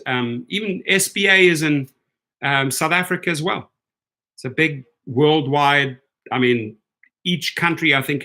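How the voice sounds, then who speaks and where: A man hosting a casual livestream for gig drivers, chatty and excitable, reading viewer comments aloud. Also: a little high.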